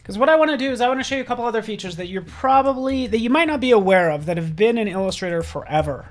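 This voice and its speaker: A man giving a live software tutorial, upbeat and chatty, often checking in with "right?" as he works on a drawing. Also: high-pitched, lively intonation, racing. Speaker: design instructor.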